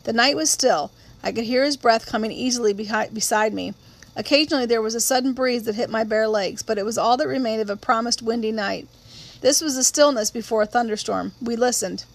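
A woman reading a novel aloud in a steady, measured storytelling manner. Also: fairly high pitch, gravelly. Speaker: audiobook reader.

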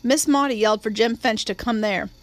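A woman narrates a novel in a steady, measured way, and her voice sits a little high for a woman. She reads it as a scripted audiobook. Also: no echo.

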